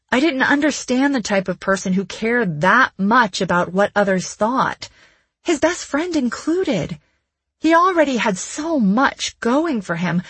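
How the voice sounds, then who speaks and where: A woman's voice: a little high, husky, no room sound. A woman narrating first-person fiction in a wry, conversational way. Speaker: audiobook narrator.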